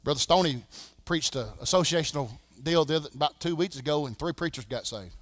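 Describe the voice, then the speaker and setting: A Southern man preaching a sermon as pastor, swinging from shouting to a hush. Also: on the high side, fairly quick, no room sound. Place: church sanctuary.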